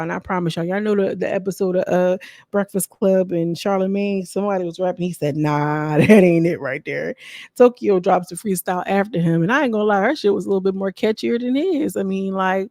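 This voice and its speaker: A woman hosts a podcast, chatting in a sassy, gossipy way and talking straight to her viewers. Her voice sits at a middle pitch and sounds dry and close to the mic. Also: darkish tone, dry recording. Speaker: podcast host. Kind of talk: casual gossip recap.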